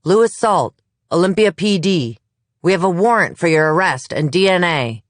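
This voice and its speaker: A narrator voicing a male SWAT officer who shouts loud commands. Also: medium pitch, animated, normal speed, no room sound, voice pushed up, lightly acted. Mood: barking.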